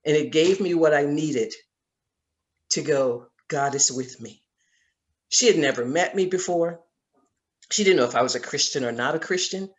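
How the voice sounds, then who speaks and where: A woman's voice: low voice, normal speed, long pauses. A woman with a Southern accent leading a Bible study over a video call, telling a personal story in an earnest, storytelling manner. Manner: earnest, storytelling, laughs often. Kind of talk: conversational Bible teaching.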